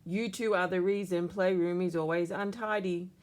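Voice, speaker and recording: An Australian woman voicing a stiff, obedient robot dad with a slow, flat robotic delivery. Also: lowish voice, lightly acted.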